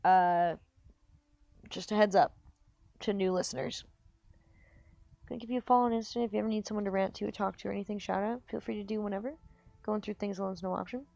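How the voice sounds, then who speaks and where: A woman's voice: medium pitch, steady tone, quick pace, creaky, long pauses, darkish tone, dry recording. A woman streamer reading a book aloud and chatting casually with viewers, now and then rereading lines. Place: home streaming setup.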